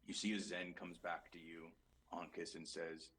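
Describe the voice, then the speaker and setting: Casting: low flat-voiced man running a tabletop game, husky, loose and casual. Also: normal speed, low-quality recording. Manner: casual narration with many fillers. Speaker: game master.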